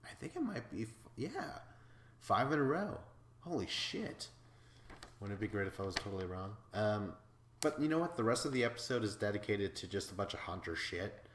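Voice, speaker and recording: A man from Wisconsin hosting a podcast, recapping episodes in a casual, excitable way, swearing freely and laughing as he talks. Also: on the low side, normal speed, echoey room, a little hiss or hum. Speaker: podcast host.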